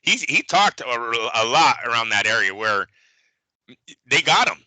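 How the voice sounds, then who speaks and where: Loud bright-voiced guy on a fight podcast, swears a lot, very dry close sound. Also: medium pitch, a little slow, dry recording, rough recording. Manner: animated, profane, emphatic. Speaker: boxing podcast co-host. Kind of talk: casual sports chat.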